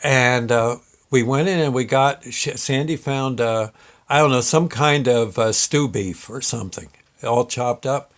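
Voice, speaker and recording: A man's voice: mid-range voice, unhurried, a bit bright. Rambling, folksy male storyteller. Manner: rambling, folksy, with many fillers and restarts. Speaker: show host telling a personal story. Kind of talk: casual storytelling.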